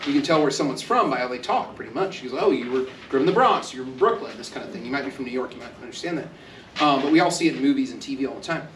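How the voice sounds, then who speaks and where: A man's voice: medium pitch, expressive, very fast, background noise. Man lecturing in an echoey classroom. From Texas. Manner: conversational, joking, acts out quoted voices. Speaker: university lecturer. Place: university classroom. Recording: echoey classroom, speaker far from mic.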